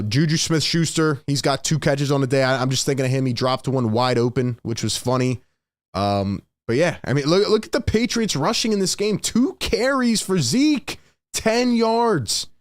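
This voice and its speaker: Male sports host, live stream reaction, emphatic, repeats himself, dry close sound, mid pitch. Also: dry recording.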